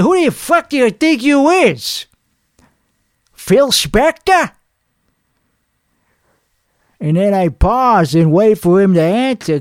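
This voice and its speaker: A man playing a crude, boastful male singer, talking in a hoarse voice with a rambling, profane, cocky manner in a comedic character monologue. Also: high-pitched, warm tone, dry recording, clean studio sound. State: hoarse from singing.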